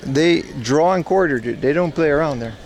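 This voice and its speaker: A man's voice: on the high side, moderate pace, darkish tone. A man hosting a casual livestream outdoors on a city street, joking and answering his chat as he walks. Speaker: livestream host.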